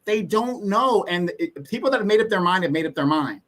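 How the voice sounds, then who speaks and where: Male guest co-host, bright tone, emphatic and opinionated. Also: high voice, lively intonation, a little fast. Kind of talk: casual political chat.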